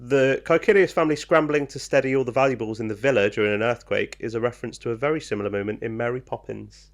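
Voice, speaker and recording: Gravelly-voiced man co-hosting a podcast. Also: medium pitch, fast talker. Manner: reads trivia with many ums, joking. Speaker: podcast co-host. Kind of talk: casual chat.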